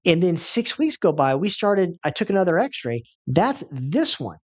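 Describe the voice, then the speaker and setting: Emphatic chiropractor with a dry sound. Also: male voice, high voice, sing-song, measured pace, no room sound. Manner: emphatic, repetitive, storytelling. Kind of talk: health seminar talk with patient story.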